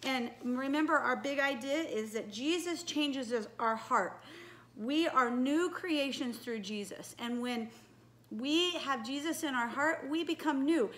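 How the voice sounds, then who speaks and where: A woman leading a children's church message, telling a Bible story in an animated way and coaxing the children with questions. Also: high-pitched, unhurried. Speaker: children's ministry leader.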